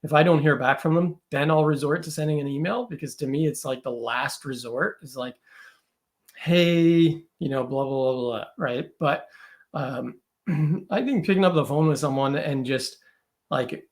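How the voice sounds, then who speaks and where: A man's voice: fairly high pitch, normal speed. A man talking as a podcast guest in casual conversation, chatty and loose, full of fillers and quoted asides.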